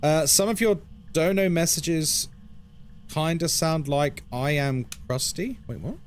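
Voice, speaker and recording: A man's voice: a little high, unhurried, slight background noise. A man, chatting casually and joking with his audience while live-streaming a horror game. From England. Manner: chatty, jokey, self-deprecating. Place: home room by a busy road.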